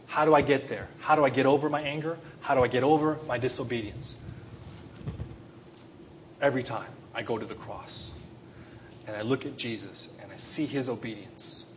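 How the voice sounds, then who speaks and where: A man preaching a sermon with passion, climbing into loud rhetorical questions and then dropping to a soft, quiet close. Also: mid-range voice, slight background noise. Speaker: pastor.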